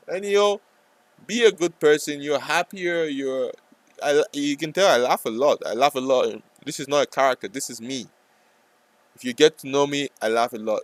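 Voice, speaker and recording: A man talking casually over a live trading stream, rambling and joking, sometimes breaking into loud playful yelling. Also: mid-range voice, no echo, rough recording.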